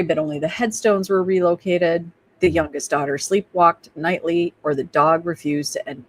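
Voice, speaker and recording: A woman co-hosting a paranormal trivia stream, chatting casually and reading out questions to viewers in an upbeat way. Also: lowish voice. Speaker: co-host of a paranormal trivia show.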